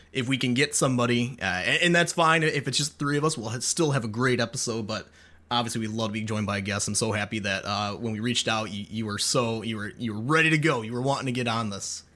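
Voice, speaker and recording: Man, podcast host, bright forceful voice, upbeat, halting, many restarts, casual chat. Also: mid-range voice.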